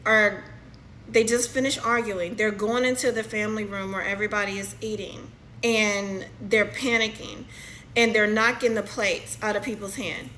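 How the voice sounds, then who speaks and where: Bright-voiced woman narrating a vision. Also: mid-range voice, a little hiss or hum, rough recording. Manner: halting, repeats phrases, checks in with "okay?". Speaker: spiritual channeler. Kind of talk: channeled reading, narrating a vision.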